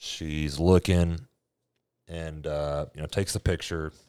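A man in his twenties casually telling a personal story, animated and acting out the dialogue. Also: a bass voice, takes it slowly, clean tone, dry recording. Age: 20s. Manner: animated, acts out quoted dialogue.

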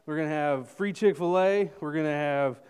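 A man, a youth pastor giving energetic announcements to a youth group while out of breath. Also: fairly high pitch, normal speed, clear, resonant tone. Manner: energetic, joking with the crowd. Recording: echoey hall.

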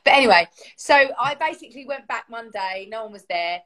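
An English woman, a singer guesting on a show, telling a story in an animated way and acting out other people's lines. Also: fairly high pitch, brisk. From England.

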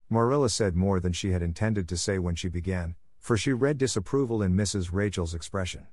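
A man narrating a classic novel as an audiobook in a steady, even reading. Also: deep voice, brisk, few pauses, dry recording, clean studio sound.

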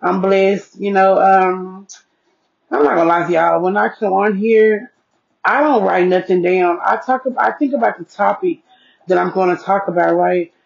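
Her medium-pitched voice is steady and creaky, moving at a moderate pace as she hosts a casual solo podcast from her seat at home with devices around her. Speaking folksily into an earpiece mic, she keeps asking "okay?", and the sound is dull and lo-fi.

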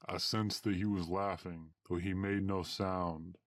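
Man, storybook narration, measured and old-fashioned, deep voice, dry close sound. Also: level tone, dry recording.

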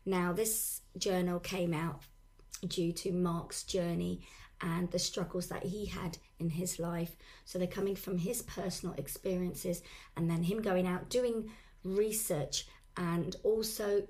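A woman with a hoarse, sore-throated voice hosts a podcast, chatting casually through announcements. Her voice sits fairly low, and she stumbles over her words now and then. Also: darkish tone. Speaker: podcast host.

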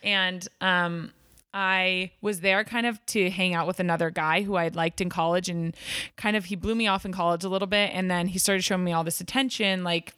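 A woman's voice: lowish voice, steady tone, a little fast, a bit bright, clean tone, dry recording. Chatty young woman telling a story. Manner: chatty, many "like"s and restarts. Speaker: podcast guest. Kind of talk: casual storytelling.

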